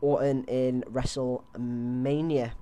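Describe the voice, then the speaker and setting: A man's voice: medium pitch, little pitch movement, takes it slowly, mellow. A young man on a headset, chatting loosely through his predictions with lots of fillers and restarts. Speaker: host. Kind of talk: casual wrestling predictions chat.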